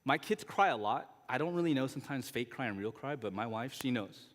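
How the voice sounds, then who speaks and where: Male guest pastor, 30s, mid-pitched, chatty anecdotal sermon delivery, long sanctuary reverb. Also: lively intonation, fairly quick. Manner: conversational storytelling with frequent asides. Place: church sanctuary.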